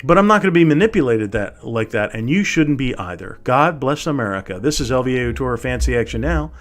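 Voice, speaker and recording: A man hosting his own channel, delivering an angry, swearing rant that repeats its points and swings from loud outbursts to low mutters. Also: expressive, fast talker, soft background music. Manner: heated, swearing, repeats himself. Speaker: channel host.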